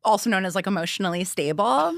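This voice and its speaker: A woman's voice: mid-range voice, expressive, fast talker, creaky, no room sound, studio quality. A young woman co-hosting a podcast, explaining psychology in a chatty way with frequent laughs. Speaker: podcast co-host. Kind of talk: casual chat explaining psychology.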